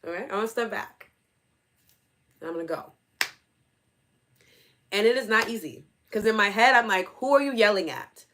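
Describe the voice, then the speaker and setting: Animated woman chatting with her viewers. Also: medium pitch, moderate pace, pauses often, slight background noise. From New York City. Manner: animated, laughs often, talks to her audience directly. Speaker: host. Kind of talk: live stream chat reading viewer comments.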